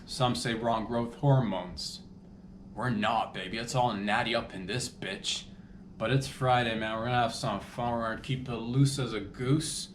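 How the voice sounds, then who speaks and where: A man's voice: mid-range voice, steady tone, a little slow, roomy sound, a little hiss or hum. A man hosting a comedy podcast, rambling loosely with crude jokes and asides. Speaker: podcast host.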